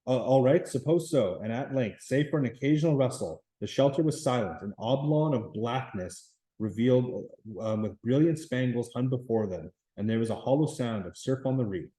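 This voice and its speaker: Man reading a novel aloud, steady. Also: mid-range voice, normal speed, hardly any pauses, poor audio. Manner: steady, with small stumbles and restarts. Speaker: reader.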